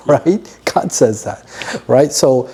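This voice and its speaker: A man's voice: mid-range voice, expressive, extremely slow, mellow, a little hiss or hum. A man co-hosting a podcast who talks earnestly, almost preaching, about positivity and gratitude. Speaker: podcast co-host. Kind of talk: casual podcast chat.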